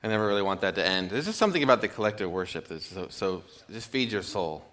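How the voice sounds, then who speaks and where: A man's voice: fairly low pitch, animated, fast, a bit bright, slight background noise. Sex: man. Role: guest preacher. Style: sermon with a told joke. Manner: casual, conversational.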